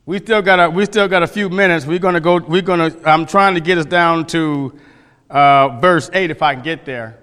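A man's voice: fairly high pitch, moderate pace, fairly bright tone, smooth. A male pastor teaching a sermon from scripture, emphatic, repeating phrases and quizzing the congregation. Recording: long hall reverb.

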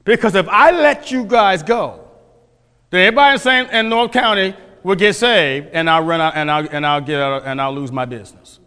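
A preacher playing a defiant liquor-store owner. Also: male voice, sits high, moderate pace, bright, forceful tone, clean tone. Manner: insistent, repeats himself. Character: stubborn male liquor business owner, defiant. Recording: long hall reverb.

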